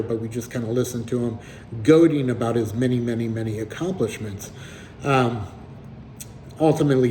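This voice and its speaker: A man recounts a story in a relaxed, conversational way, with a dry, slightly wry edge. His voice sits at a middle pitch with a warm, mellow tone. A faint hum of noise runs behind him. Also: poor audio. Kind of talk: casual spoken storytelling.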